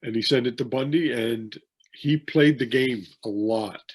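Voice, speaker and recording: A man's voice: mid-range voice, measured pace, slightly rough. A man co-hosting a podcast, telling rambling anecdotes with many restarts and fillers in a casual chat. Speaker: podcast co-host, wrestling promoter.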